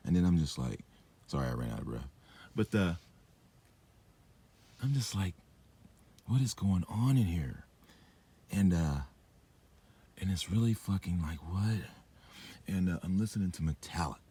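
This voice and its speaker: Low, husky-voiced man ranting. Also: big pitch swings, unhurried, pauses often, warm tone. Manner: meandering, profane, filler-heavy. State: drinking and smoking while talking. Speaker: vlogger. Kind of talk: rambling monologue rant.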